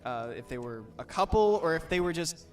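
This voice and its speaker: A young man co-hosting a game stream, talking in an animated, rambling way. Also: a little high, brisk, recorded from a distance. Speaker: streamer co-host. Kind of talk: casual storytelling on stream. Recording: stream with faint game music.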